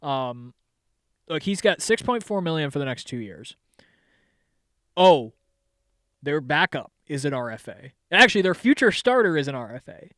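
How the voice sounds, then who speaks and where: Young man, podcast co-host, slightly high voice, dry close sound, laid-back and profane. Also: very animated, normal speed, pauses often, a bit bright, dry recording. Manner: loose and profane, laughs often. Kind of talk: casual sports chat.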